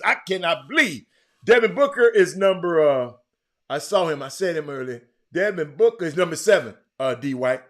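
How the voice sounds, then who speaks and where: A man hosting a casual livestream, bantering with his chat in a teasing, animated way, often repeating and restarting his words. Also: high voice. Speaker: livestream host. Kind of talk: casual livestream chat reading viewer comments.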